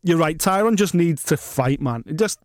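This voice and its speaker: A man's voice: on the high side, expressive, moderate pace, no echo, clean studio sound. A man co-hosting a sports podcast, talking casually and bluntly, swearing freely and ranting. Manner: blunt, swears freely, rants with mock quotes. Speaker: podcast co-host.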